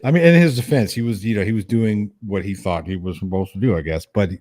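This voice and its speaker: A man's voice: lowish voice, quick pace, dry recording, clean studio sound. A man hosting a casual stream, telling a rowdy story with lots of swearing and laughter. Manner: animated, profane, laughing storyteller. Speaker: host.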